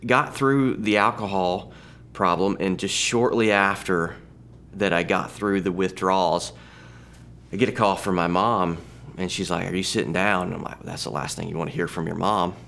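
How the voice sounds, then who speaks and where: Low, gravelly man telling his story. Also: steady tone, fairly bright tone, slight background noise. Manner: conversational, halting storytelling with many restarts. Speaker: church testimony speaker. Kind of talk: personal testimony.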